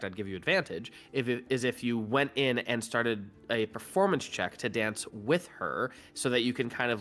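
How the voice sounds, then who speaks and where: A man running a tabletop role-playing game as dungeon master, narrating loosely with many fillers. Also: medium pitch. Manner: relaxed, filler-heavy improvising.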